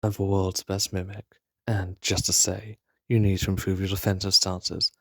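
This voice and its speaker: A man playing a cocky woman assassin who picks apart everyone's fighting style. Her lines come smug and pointed, in a deep, dry, close voice. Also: flat delivery, moderate pace, dry recording.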